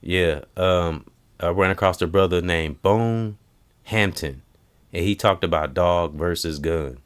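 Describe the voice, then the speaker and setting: A man with a low, deep voice hosts a relaxed chat. He retells comedy routines and keeps jumping into high put-on voices for the punchlines. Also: a little slow, smooth. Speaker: host. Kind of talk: casual chat.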